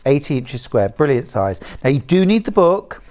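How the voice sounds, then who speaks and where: A shopping channel presenter, gushing with enthusiasm over products in a chatty live TV sales pitch from a studio. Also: very animated, moderate pace, darkish tone.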